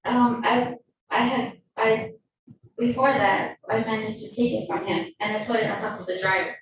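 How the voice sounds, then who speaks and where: A woman giving shaken, halting testimony as a witness in a courtroom. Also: a little high, a little hiss or hum. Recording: echoey, distant, dull courtroom audio.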